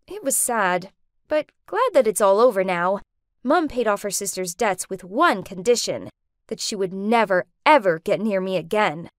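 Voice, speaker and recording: A woman's voice: medium pitch, animated, unhurried, dry recording, studio quality. A woman narrating a personal story in the first person, reflective and wistful.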